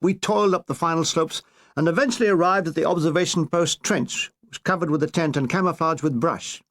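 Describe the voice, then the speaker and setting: An older man reading his own comic memoir with wry, deadpan asides. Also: on the high side, fairly quick. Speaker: author narrating his memoir.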